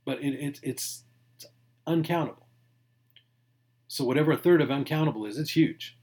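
A man's voice: fairly high pitch, normal speed. A man, a pastor, preaching a sermon in a conversational way, stressing key words and dropping to near-whispered asides. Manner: emphatic, swinging from loud to near-whispered asides; conversational, with restarts and small laughs.

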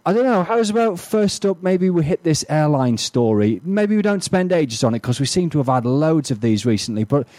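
A man's voice: fairly high pitch, very animated, normal speed, hardly any pauses, mellow, no room sound. A man hosting a tech podcast, chatting in a genial, joking way. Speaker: podcast host. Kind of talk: casual tech podcast chat.

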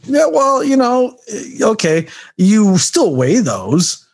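A man of ordinary pitch talking casually as a co-host. He rambles, restarts his sentences and leans on "you know" as he works toward his point. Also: sing-song, slow pace. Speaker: podcast co-host. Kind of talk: casual chat.

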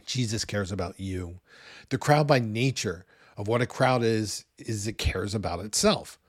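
A man in his forties preaching a sermon in a conversational, animated way, with loud bursts when he acts out what people say. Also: on the low side, a little slow, husky, dry recording, clean studio sound. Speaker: pastor.

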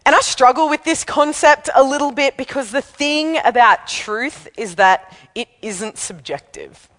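A woman's voice: a little high, a bit bright, in a large hall. A woman preacher giving an evening sermon, chatty and candid, telling a personal story and laughing at herself.

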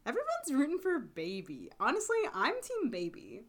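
Animated young woman recapping a show. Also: high voice, normal speed. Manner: animated, laughs often, acts out quotes. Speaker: podcast co-host. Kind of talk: casual chat recapping a drama.

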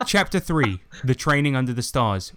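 A man's voice: medium pitch, a bit bright. A man co-hosting a podcast, reading bad fan fiction aloud with sarcastic, exasperated asides and swearing. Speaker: podcast co-host.

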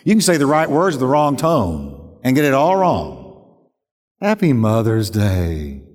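A man's voice: on the high side, huge pitch swings, normal speed. A man preaching a sermon as pastor, emphatic and dramatic, acting out examples as he goes. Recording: long reverb of a large hall.

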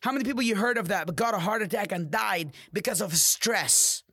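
A man hosting a podcast, delivering a profane, fired-up motivational monologue that drops into low growls. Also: a little fast, sharp tone, slightly rough, dry recording, studio quality. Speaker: podcast host.

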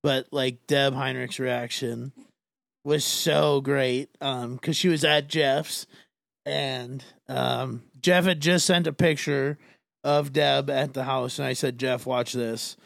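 A man hosting a podcast, chatting casually in a rambling, halting way with many fillers. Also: mid-range voice, steady tone, vocal fry, fairly bright tone, dry recording. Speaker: podcast host. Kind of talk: casual chat.

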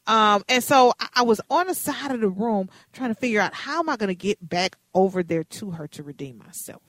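An animated radio host in her fifties tells a story in a chatty, lively way. Her voice sits in an ordinary middle range for a woman. The sound is dry and close, with no room echo. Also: mid-range voice, brisk. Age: 50s.

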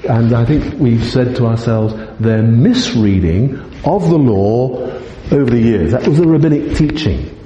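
A man's voice: medium pitch, animated, measured pace, warm tone, muffled recording, a little hiss or hum. A man preaching a sermon to his congregation, emphatic and teacherly, full of rhetorical questions. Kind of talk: expository sermon. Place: church meeting hall. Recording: echoey hall, long reverb.

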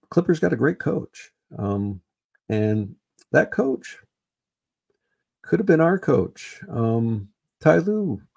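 A man's voice: on the low side, gravelly, a little mellow. A man hosting a solo podcast, rambling and swearing, repeating himself with lots of fillers. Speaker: podcast host. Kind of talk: casual solo sports podcast rant.

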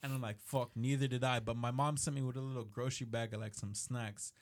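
A man in his twenties telling a rowdy story among friends, casual and animated, swearing and acting out quotes. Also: mid-range voice, fast talker. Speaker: podcast co-host telling a story.

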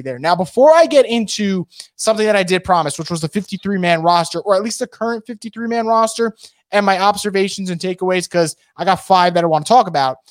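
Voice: mid-range voice, dry recording, clean studio sound. A sports show host giving casual, opinionated football commentary, emphatic and repeating words for stress, while losing their voice.

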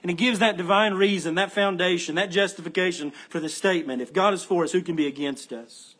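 Husky high-voiced preaching man. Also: brisk, few pauses, a bit bright. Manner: earnest, emphatic preaching with repeated phrases; teacherly, explains Greek word order. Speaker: pastor. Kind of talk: expository sermon.

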